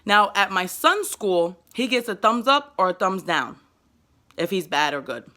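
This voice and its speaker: Fast-talking New York woman in her twenties. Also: mid-range voice, big pitch swings, bright, forceful tone. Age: 20s. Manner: fast-talking, emphatic, stumbles and repeats words. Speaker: parenting vlogger. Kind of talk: direct-to-camera advice vlog.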